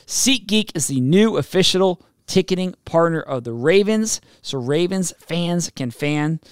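Man, podcast co-host, teasing banter and ad reads, a bit high-pitched, dry close studio sound. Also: animated, unhurried, smooth, no room sound. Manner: reads ad copy, teasing, laughs often. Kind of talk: casual sports podcast banter.

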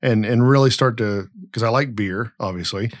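Podcast host, middle-aged man, lowish voice, dry close sound, rambling and blunt. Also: moderate pace, dry recording. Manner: rambling storyteller, blunt and profane. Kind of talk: casual podcast chat.

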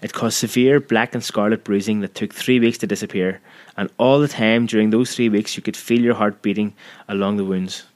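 A man narrating a story in a measured, vivid storytelling manner. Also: fairly low pitch, steady tone. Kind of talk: scripted audiobook narration.

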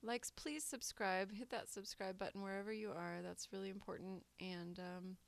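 A woman's voice: medium pitch, fairly even intonation, normal speed, gravelly. A woman co-hosting a podcast in casual, upbeat chat. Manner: chatty and upbeat. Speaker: podcast co-host.

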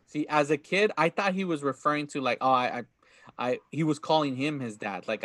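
A man in casual conversation who acts out quoted lines with a lively, raised voice. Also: on the high side, fairly quick, no room sound. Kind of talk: casual chat.

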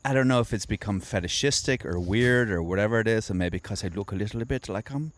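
A male comedian talks as a podcast guest, telling stories about his own life in a wry, self-mocking way. His voice sits somewhat low. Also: fast talker. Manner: wry, self-deprecating storytelling. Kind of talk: casual podcast interview.

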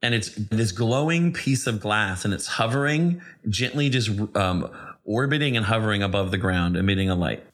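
A man's voice: on the low side, expressive, normal speed, fairly bright tone. A young man running a tabletop game as game master, describing scenes in loose, rambling sentences full of restarts. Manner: rambling, many restarts and fillers.

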